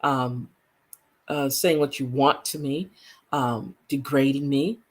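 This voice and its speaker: A woman's voice: a bass voice, fairly even intonation, takes it slowly. Earnest woman talking casually to viewers. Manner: earnest, conversational, repeats points for emphasis. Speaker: vlogger. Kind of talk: casual talk to camera.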